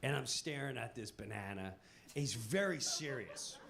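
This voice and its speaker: A man telling comic stories in a casual, animated way, laughing into his lines. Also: medium pitch, moderate pace, vocal fry, crowd noise. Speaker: storyteller.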